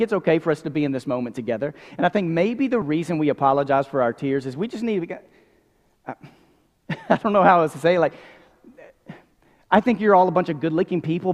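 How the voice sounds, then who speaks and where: A man in his forties preaching a sermon, conversational with many asides, dropping soft and low when reading scripture. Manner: conversational, frequent "like", softens to near whisper on scripture. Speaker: pastor. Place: church sanctuary. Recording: long hall reverb.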